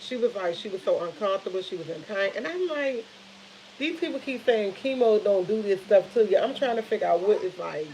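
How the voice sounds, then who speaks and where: A woman's voice: mid-range voice, expressive, brisk, warm tone, slight background noise, poor audio. A woman chatting casually on a live stream, rambling and retelling conversations with family. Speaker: vlogger.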